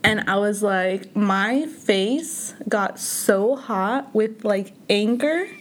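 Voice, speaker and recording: A woman's voice: medium pitch, extremely slow, a little hiss or hum. Young woman, casual storyteller, loose and filler-heavy. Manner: storytelling with many likes and restarts. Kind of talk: casual chat.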